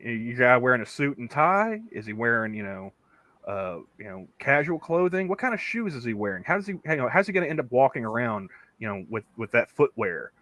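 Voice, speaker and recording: A man's voice: mid-range voice, very animated, a little fast, sharp tone, no room sound. A man co-hosting a casual online chat show, talking in a rambling way full of "you know" fillers and restarts. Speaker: podcast co-host.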